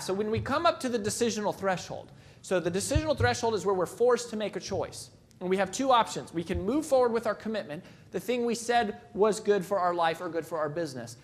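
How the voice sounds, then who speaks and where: A man delivers a motivational keynote in a loose, conversational way. His voice sits high for a man. He pokes fun at himself and often restarts his sentences. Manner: conversational, self-deprecating, frequent restarts. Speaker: motivational speaker. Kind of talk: keynote talk with personal stories.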